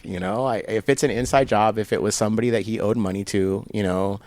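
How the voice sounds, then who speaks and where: A guest at a barber shop, this man talks fast in a fairly low voice as he's interviewed. He tells a long story casually and animatedly, packing it with fillers and acting out the voices of the people in it.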